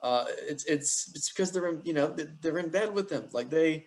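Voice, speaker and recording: A man's voice: a little high, a little fast. Rambling, opinionated male co-host. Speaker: podcast co-host. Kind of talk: casual political chat.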